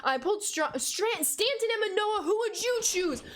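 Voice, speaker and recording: A young American woman in her twenties, a gaming streamer chatting casually with her viewers, loud and talkative, reading chat aloud and laughing often. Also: very high-pitched, lively intonation, normal speed, slight background noise. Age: 20s. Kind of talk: casual livestream chat while playing.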